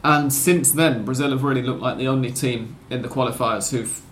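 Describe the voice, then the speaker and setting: A man's voice: mid-range voice, steady tone, a little fast, echoey room, slight background noise. A man hosting a casual football podcast, talking in long rambling sentences with wry self-corrections. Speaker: podcast host.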